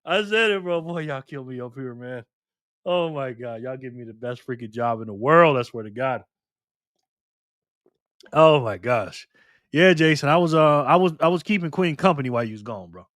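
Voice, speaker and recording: A man's voice: medium pitch, expressive, normal speed, fairly bright tone, no echo, clean studio sound. A man hosting a live stream, casually reading viewer comments and trading teasing, slangy banter with lots of laughter.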